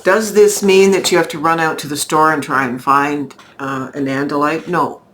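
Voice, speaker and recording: A woman giving a weekly tarot card reading in a slow, reflective, spiritual manner. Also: sits low, fairly even intonation, fairly bright tone, a little hiss or hum. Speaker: tarot reader.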